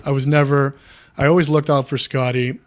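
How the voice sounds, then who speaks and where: A man's voice: mid-range voice, flat delivery, fairly quick. A man in his thirties, a former wrestler, talking candidly as a podcast guest in a rambling, earnest way full of restarts. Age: 30s.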